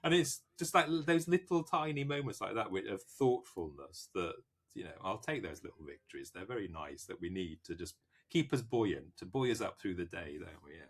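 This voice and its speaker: A man's voice: deep voice, expressive, moderate pace, husky. A man, a novelist guest, chatting casually and animatedly in an interview, laughing often.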